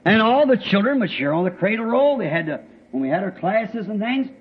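A man's voice: sits high, very animated, brisk, slightly rough. A man preaching a sermon, telling a testimony in a folksy, rambling way with plain rural grammar. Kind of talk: sermon storytelling. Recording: dull lo-fi old recording.

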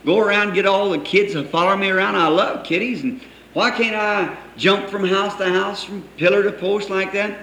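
Folksy preacher in an echoey church. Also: male voice, high-pitched, fairly even intonation, moderate pace, bright, forceful tone. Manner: folksy storytelling, quoting others, chuckling. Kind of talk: sermon. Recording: echoey old church recording with faint hiss.

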